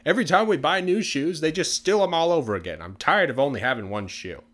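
A man voicing a fed-up male villager who complains loudly in a storybook tale. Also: lowish voice, sing-song, a little fast. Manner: loud, complaining. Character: fed-up male villager missing his left shoes.

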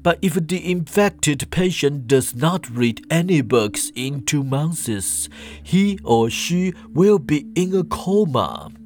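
A man's voice: fairly high pitch, lively intonation, darkish tone. A man playing a smug eccentric professor. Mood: smug explaining. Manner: pleased with himself, explaining slowly.

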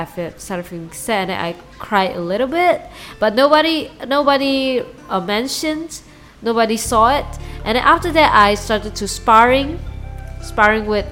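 A woman whose first language is Mandarin Chinese, hosting a solo diary podcast and talking haltingly as she searches for English words and restarts her sentences. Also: fairly high pitch, fairly bright tone. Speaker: podcast host.

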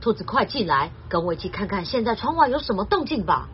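A woman translating a children's story and explaining vocabulary in a clear, gentle teaching voice. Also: mid-range voice, sing-song, fast, lo-fi sound, slight background noise.

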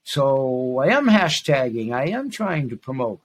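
A man's voice: mid-range voice, big pitch swings, measured pace. A man in his sixties hosting his own podcast, talking in an emphatic, rambling monologue that repeats phrases for stress. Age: 60s. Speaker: podcast host. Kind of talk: casual monologue.

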